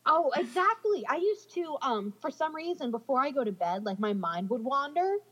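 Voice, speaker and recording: Co-host, young woman, slightly higher voice, joking and scattered, muffled lo-fi audio. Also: sing-song, normal speed, fairly bright tone. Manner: scattered, joking, swears casually. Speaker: podcast co-host. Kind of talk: casual chat. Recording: dull lo-fi sound.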